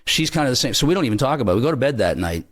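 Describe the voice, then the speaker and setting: A man recounting a life-changing spiritual experience to an interviewer. His pitch sits in the middle range for a man, and he tells the story with earnest animation, often restarting and repeating words as he searches for them. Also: sing-song, rapid-fire, a bit bright. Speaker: guest sharing a testimony.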